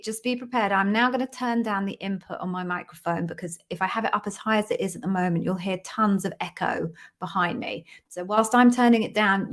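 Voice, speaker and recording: Woman host, playful and chatty, welcomes viewers by name on a live stream, mid-range voice, computer mic at home. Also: mid-range voice. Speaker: host of live Q&A stream, former interview bar raiser. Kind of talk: casual live-stream chat. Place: room at home. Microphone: computer microphone.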